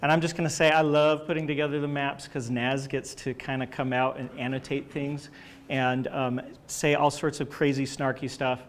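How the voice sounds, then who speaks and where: A man's voice: mid-range voice, flat delivery, moderate pace. A man giving a casual presentation about book artwork, chatty and hesitant, with many fillers and restarts.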